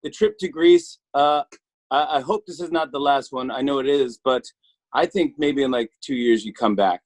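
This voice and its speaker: A man's voice: mid-range voice, moderate pace. A man hosting a talk show, asking eager, rambling questions.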